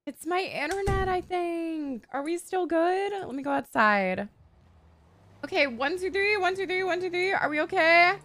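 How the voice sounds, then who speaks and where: A woman in her twenties chatting casually on a live game stream, excitable and swearing freely. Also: very high voice, moderate pace, a little hiss or hum. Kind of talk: casual live-stream chat while role-playing a game.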